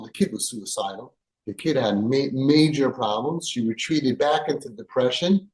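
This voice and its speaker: A man's voice: mid-range voice, moderate pace, a little mellow. A man giving parents advice in an emphatic way, firing off rhetorical questions and repeating his points. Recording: echoey room.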